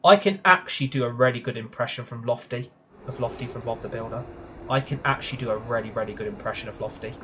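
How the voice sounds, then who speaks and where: A man's voice: mid-range voice, fast talker, noisy background. A young British man streaming a racing game, chatting casually, grumbling and swearing when frustrated. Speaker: gaming streamer. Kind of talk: live gameplay commentary.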